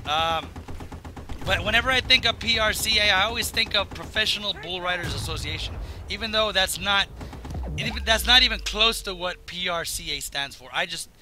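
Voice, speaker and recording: A man with a raw, strained voice giving rambling, excitable commentary over a video game he is playing. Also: sits high, a little fast, rough recording. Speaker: gaming commentator. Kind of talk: casual gameplay commentary.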